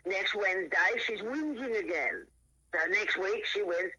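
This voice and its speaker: Man, riding coach, high voice, very bright and sharp tone, animated storytelling, shifting pace. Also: a little slow, husky, lo-fi sound. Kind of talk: storytelling in a casual interview.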